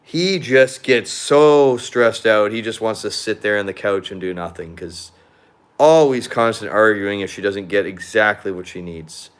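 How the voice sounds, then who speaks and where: A man's voice: fairly low pitch, measured pace, clear, resonant tone. Young male vlogger, casual venting monologue, rambling, swears freely, beer in hand. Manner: blunt and profane, rambling; drinking beer while chatting.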